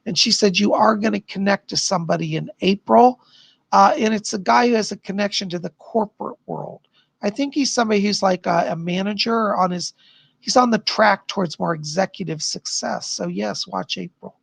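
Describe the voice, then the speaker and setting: A man's voice: sits high, moderate pace, vocal fry, slightly rough, no echo. A man hosting a live-stream and giving psychic readings in a chatty way, reading out viewers' questions and relaying spirit messages. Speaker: psychic livestream host.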